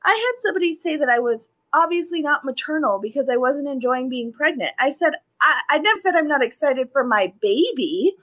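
Pregnant young woman, high voice, blunt and sweary, casual podcast co-host. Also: brisk, hardly any pauses. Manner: blunt, expressive, swears freely. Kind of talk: casual chat.

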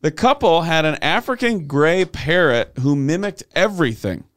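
A man's voice: fairly high pitch, animated, normal speed, fairly bright tone, no room sound. A man co-hosting a podcast, telling anecdotes with wry, dry asides in casual chat. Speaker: podcast co-host.

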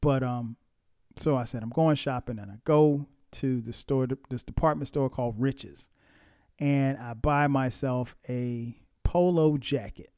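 Mellow-voiced man telling a story. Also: mid-range voice, measured pace, clear, resonant tone, dry recording, studio quality. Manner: relaxed, reminiscing, self-mocking, chuckles often. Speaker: podcast host. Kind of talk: casual storytelling podcast.

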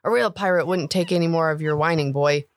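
A woman doing a gruff, world-weary pirate cook. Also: deep voice, fast. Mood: menacing. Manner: drawling, world-weary, turns menacing. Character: gruff middle-aged male pirate ship cook.

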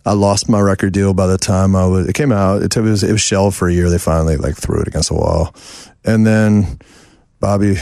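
A man's voice: deep voice, gravelly, a little mellow, no echo, clean studio sound. A middle-aged man, a songwriter and producer, telling rambling, self-deprecating stories as a guest in a casual interview.

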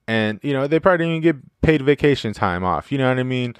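A man's voice: mid-range voice, expressive, fast, smooth, dry recording. A man hosting a casual solo podcast, rambling and joking with plenty of profanity and fillers. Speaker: podcast host.

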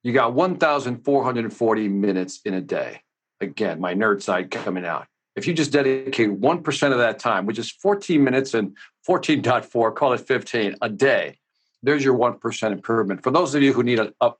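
A man's voice: medium pitch, animated, normal speed, husky. A man from the United States, a sales coach talking energetically with emphatic asides in a casual podcast interview.

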